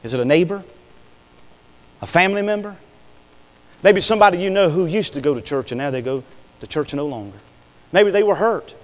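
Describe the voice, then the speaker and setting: Fervent preacher in an echoey hall. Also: male voice, sits high, expressive, fairly quick, long pauses. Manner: repeats phrases, asks the congregation "amen?"; swings from soft storytelling to shouted climaxes. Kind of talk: sermon.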